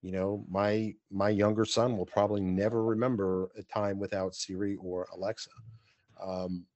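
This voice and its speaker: New York man chatting, low and dry. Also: normal speed, no room sound, dull audio. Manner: animated storyteller, many fillers. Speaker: podcast host. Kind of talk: casual panel chat.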